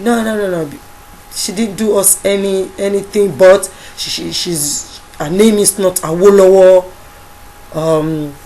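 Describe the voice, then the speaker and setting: A woman with a Nigerian accent recounting a story in casual speech, halting often with fillers and restarts. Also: lowish voice, darkish tone, a little hiss or hum, rough recording. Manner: halting, many fillers and restarts, quotes others in dialogue. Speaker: activist recounting events.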